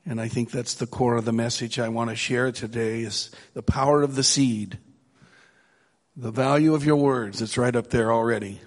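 A man preaching a sermon in an earnest, conversational way that builds into emphatic exhortation, with a gravelly voice. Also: medium pitch, fairly even intonation, moderate pace. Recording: long hall reverb.

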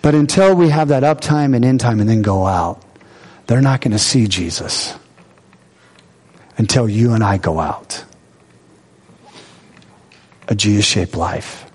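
A man's voice: fairly low pitch, lively intonation, measured pace, long pauses, darkish tone, slightly rough, long reverb tail. A man, the pastor, preaching a sermon in a church and acting out the voices of God and of his listeners, repeating short phrases for emphasis. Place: church sanctuary.

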